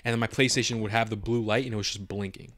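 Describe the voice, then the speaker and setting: Animated, swearing young man telling a story. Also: fairly low pitch, racing, no echo. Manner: animated, swears a lot, acts out his own quotes. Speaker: podcast co-host. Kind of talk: casual storytelling chat.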